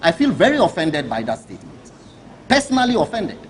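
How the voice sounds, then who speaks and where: Speaking with a Ghanaian accent, this government minister gives a press briefing full of emphasis and rhetorical questions, laughing softly through his anecdotes. His slightly high voice swoops wildly in pitch and moves fairly quickly. There's slight background noise, and the recording quality is poor.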